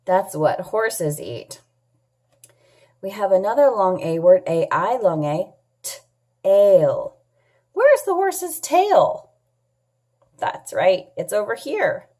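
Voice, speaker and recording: A woman teaching a children's phonics lesson, sounding out letters and words clearly and patiently, asking questions and answering them herself. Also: fairly low pitch, expressive, slow, dark tone. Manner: patient, asks and answers her own questions. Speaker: English teacher.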